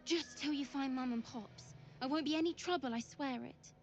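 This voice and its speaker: A woman's voice: sits high, moderate pace, soft background music. A woman voicing an earnest, hopeful orphaned young girl in a video game, with folksy, rustic speech. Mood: pleading. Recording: dull game audio capture.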